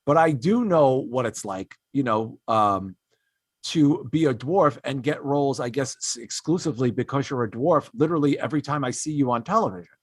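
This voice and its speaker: A podcast host with a medium-pitched, animated voice rants in exasperation on a casual comedy show, full of fillers and restarts, at normal speed. He slips into mocking put-on voices when quoting others. The recording is dry and clean, studio quality.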